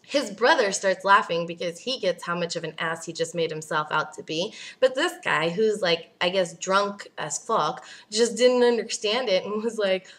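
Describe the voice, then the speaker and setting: A young woman ranting in a casual vlog, animated and exasperated, swearing freely. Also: medium pitch, normal speed, hardly any pauses. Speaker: vlogger.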